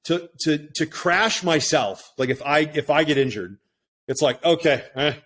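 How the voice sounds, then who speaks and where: A man's voice: a little high, lively intonation, unhurried, fairly bright tone. Reflective man tagging points with "right?". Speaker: guest. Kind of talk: casual conversation.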